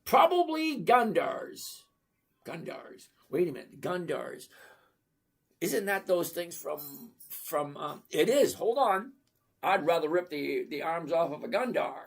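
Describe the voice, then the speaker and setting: A man's voice: on the high side, sing-song, a little slow. A man in his fifties hosting a casual live stream, chatty and jokey as he greets viewers one by one and teaches investing.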